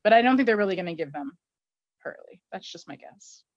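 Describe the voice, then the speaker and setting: A woman's voice: medium pitch, expressive, fairly quick, no echo. Woman podcast host, casual recap, dull dry recording. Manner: chatty, filler-heavy, laughs often.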